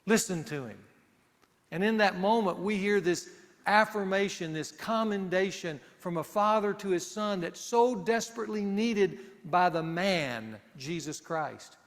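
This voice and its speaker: A man preaching a sermon, pausing for effect and dropping to a hushed low voice to stress a point. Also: big-room sound. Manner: dramatic pauses, drops to a hushed low voice for emphasis.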